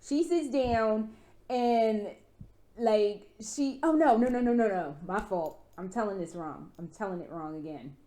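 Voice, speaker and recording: A woman vlogger in a rambling, profane, animated rant, full of fillers and restarts. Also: medium pitch, a little slow. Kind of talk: casual rant.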